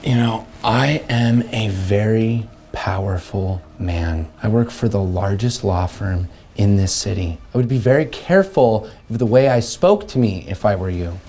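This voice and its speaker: A man playing an arrogant, creepy lawyer who mocks a shop clerk, in a gravelly, self-important voice. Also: on the low side, unhurried, few pauses, mellow, slight background noise. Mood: sneering.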